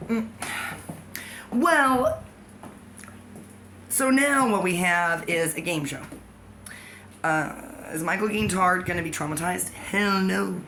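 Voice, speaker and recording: A woman with a fairly low voice rambles through a vlog monologue, hopping from one thought to the next and laughing along the way. A clear layer of background noise sits under her voice. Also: slow, long pauses, fairly bright tone. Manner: free-associating, jumpy, laughs often.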